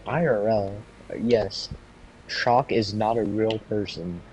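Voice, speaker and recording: A man's voice: fairly low pitch, slow pace, a little mellow, slight background noise, low-quality recording. A young man in his late teens in casual chat, laid-back and chiming in with short remarks.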